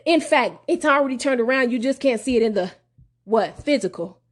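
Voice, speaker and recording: A high-pitched woman speaks, hosting her podcast in a faith-filled motivational monologue. She repeats lines over and over and asks again and again whether you hear her. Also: animated, fairly quick. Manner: preachy, repetitive call-and-response exhortation. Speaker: podcast host.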